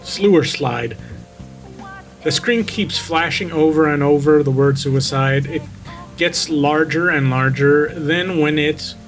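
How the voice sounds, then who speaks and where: Male vtuber, slightly high voice, mocking story reader, close mic, faint guitar behind. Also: measured pace. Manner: sarcastic, interrupts the story to make fun of it. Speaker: vtuber reading a creepypasta. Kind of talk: reading a story aloud with mocking commentary.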